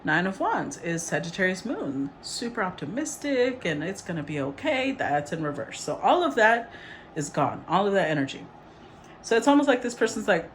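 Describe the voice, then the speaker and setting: A woman giving a casual, rambling tarot reading, chatty and quick to laugh. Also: medium pitch, very animated, a bit bright, slight background noise. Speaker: tarot reader.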